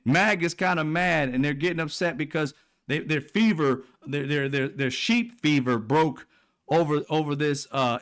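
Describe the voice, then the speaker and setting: Profane, mocking male political ranter. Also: fairly bright tone. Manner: profane, mocking, laughs often, mimics people in high voices. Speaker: political commentary host. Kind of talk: animated political rant.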